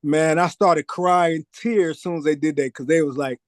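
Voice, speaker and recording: Recorded dry in a clean studio, this male record producer has a voice on the high side and talks at normal speed. Over a long story in a relaxed interview, he voices the people he quotes with animation and keeps dropping "man."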